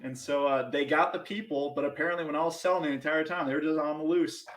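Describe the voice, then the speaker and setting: A man's voice: on the high side, fast. A young man from Minnesota, a podcast guest, telling a story casually and animatedly, acting out voices and saying "like" a lot. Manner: animated, acts out voices in his stories, many "like" fillers.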